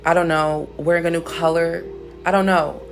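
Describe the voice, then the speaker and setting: A woman's voice: fairly low pitch, fairly even intonation, moderate pace, creaky, faint music behind. A woman hosting a casual spiritual livestream, talking in a blunt, profane, playful way.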